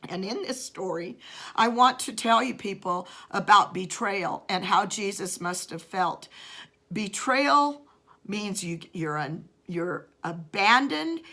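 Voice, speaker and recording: A woman's voice: mid-range voice, creaky, bright, forceful tone. A woman hosting a devotional video, retelling a scripture passage and preaching about it earnestly, with frequent restarts.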